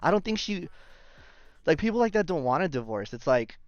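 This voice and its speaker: A young man hosting a podcast in casual chat, excitable and slangy, swearing freely. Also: fairly high pitch, brisk, no echo, highs cut off. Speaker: podcast host.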